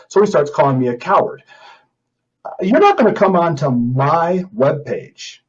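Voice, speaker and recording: A man's voice: on the high side, a little mellow, muffled recording. A man hosting an opinion podcast, talking in an indignant, emphatic way and reading out comments. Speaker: podcast host.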